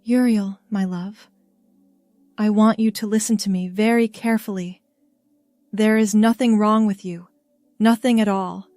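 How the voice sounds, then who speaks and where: A tender, loving mother speaks in a soft, soothing voice that is gentle yet firm, as a woman reading the story puts her on. She talks slowly and evenly, in a dry, close sound. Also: mid-range voice, fairly even intonation, no echo, soft background music, lightly acted.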